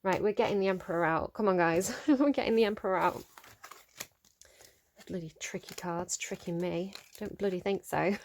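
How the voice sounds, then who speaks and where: A woman talks her way through a tarot reading in a loose, chatty monologue. She is animated, fills her speech with ums and likes, and now and then swears mildly while telling the cards off. Her voice sits at an ordinary middle pitch. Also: normal speed, gravelly. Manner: chatty and animated, with many fillers, mild swearing and scolding of the cards. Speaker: tarot reader. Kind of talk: casual spoken tarot reading.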